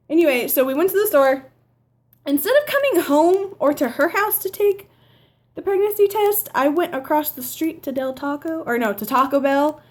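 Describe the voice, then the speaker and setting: Teen girl telling a storytime at home into her camera, lively and chatty, kinda high voice. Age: teens. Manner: chatty, animated retelling with quoted dialogue. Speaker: vlogger. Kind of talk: casual storytime vlog. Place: home living room by a window.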